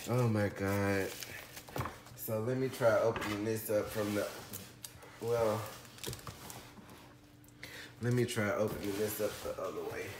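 A man hosting a casual orchid unboxing vlog, effusive, calling viewers honey and shrieking with excitement. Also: lowish voice, a little slow, pauses often. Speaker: orchid channel host. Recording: echoey room, faint background hiss.

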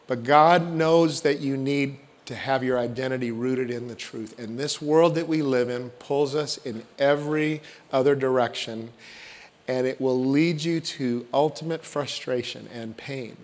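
Impassioned pastor with churchy reverb. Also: male voice, medium pitch, a little slow. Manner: impassioned, swinging from loud emphasis to hushed intimacy. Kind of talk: sermon. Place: church sanctuary.

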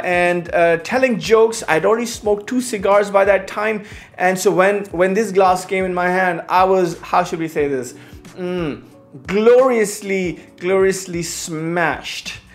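Animated young male whisky vlogger. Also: high-pitched, unhurried. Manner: animated storyteller, acts out his own past remarks; frequent filler "uh" and restarts. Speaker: whisky reviewer. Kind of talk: casual storytelling review to camera. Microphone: fixed camera setup.

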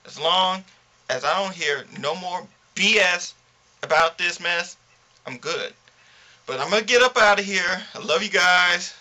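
A man ranting indignantly to his camera in a vlog, animated and full of slang. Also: sits high, unhurried. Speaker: vlogger.

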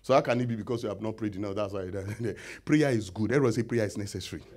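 A man preaching a sermon as pastor, swinging between loud shouts and low near-whispers, acting out pleading prayers. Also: fast. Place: church hall.

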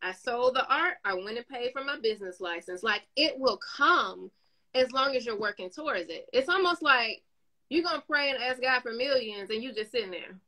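Animated and acting out the quotes, this New York-accented business owner and coach tells stories casually. Her voice is a little high and her speed normal, on poor audio.

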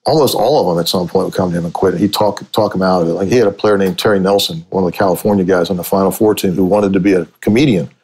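A low-pitched older man from Cincinnati recounts stories as a guest on a sports podcast. He talks in a rambling way, circling back and restarting his sentences as he goes. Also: fairly even intonation, rapid-fire, few pauses, darkish tone, slightly rough, poor audio. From Cincinnati, USA. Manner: rambling storyteller with frequent restarts. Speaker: sportswriter and author. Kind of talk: conversational storytelling interview.

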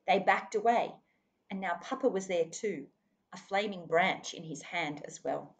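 A woman's voice: on the low side, a little slow. A woman reading a children's novel aloud expressively, now and then speaking to her listeners. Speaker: reader.

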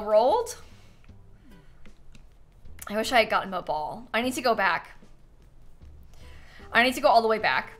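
A fairly high-pitched young woman speaks in a bright, forceful tone while livestreaming a game. She chats casually and talks through her thoughts. She sounds sleepy, yawning as she thanks viewers.

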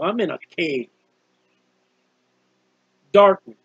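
A man's voice: sits high, animated, moderate pace, a bit bright, dry recording, dull audio. A man preaching an informal sermon on a psalm, earnest and conversational, often repeating himself. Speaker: street preacher.

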